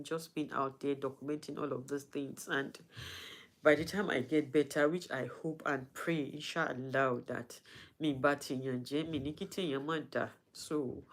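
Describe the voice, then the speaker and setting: A woman speaks straight to her followers in a personal vlog. She sounds weak and in pain, halting and emotional, often starting a sentence over before she finds her words. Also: rumbling low. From Nigeria. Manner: halting and emotional, with frequent restarts. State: in pain and weak from not eating. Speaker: vlogger.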